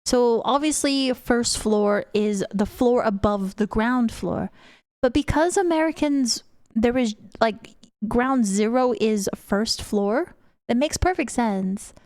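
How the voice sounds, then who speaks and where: A young woman with a British accent chats with her stream viewers in a high, bright register, greeting them and giggling often. She takes her time and lets each thought unfold. Her voice is close and dry on a desk mic, with almost no room sound. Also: slow, no echo. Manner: chatty, giggly, greets chat members. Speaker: VTuber streamer. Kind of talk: casual live-stream chat with viewers.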